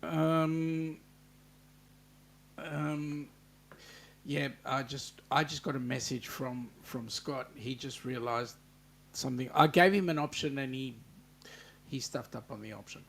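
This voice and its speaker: A man's voice: medium pitch, steady tone, slow pace, vocal fry, pauses often, fairly bright tone. An Australian man hosting a casual livestream, chatting loosely with lots of ums and greeting viewers by name. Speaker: livestream host. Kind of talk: casual live-chat greetings.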